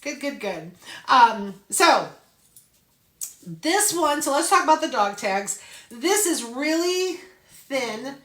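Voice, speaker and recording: A woman's voice: sits high, very animated, slow pace, long pauses, a bit bright, echoey room. A chatty, upbeat woman hosting a live craft tutorial and greeting viewers by name. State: out of breath. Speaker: craft class host.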